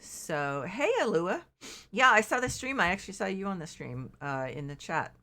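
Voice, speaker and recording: A woman's voice: lowish voice, big pitch swings, moderate pace, sharp tone. A middle-aged woman streaming a game, chatting in a rambling way and reading chat aloud while getting over being sick and yawning. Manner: frequent fillers and restarts. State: yawning, recovering from illness. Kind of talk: casual chat while playing.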